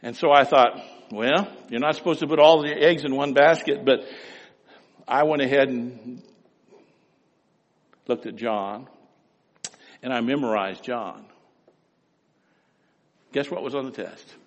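A middle-aged man preaching a sermon, telling folksy stories with sudden swings between loud and soft. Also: medium pitch, measured pace, long pauses, long reverb tail, muffled recording. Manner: folksy storytelling with wide swings in loudness. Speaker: pastor.

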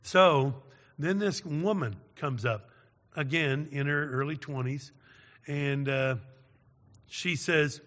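A male preacher tells his story in a slow, deliberate sermon, his somewhat high voice bright and forceful. He leans on dramatic pauses and keeps checking in with his listeners. Long reverb hangs behind him in a large hall. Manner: dramatic storyteller, tags lines with "all right?".

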